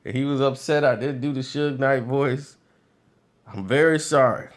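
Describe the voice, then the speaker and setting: A man vlogging, telling casual stories in an animated, loose way with frequent laughs. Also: medium pitch, moderate pace. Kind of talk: casual storytelling.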